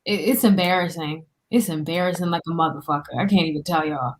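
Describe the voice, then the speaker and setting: A woman's voice: sits low, fast talker, background noise. A woman talking frankly in a casual group discussion over a video call, swearing freely. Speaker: panelist.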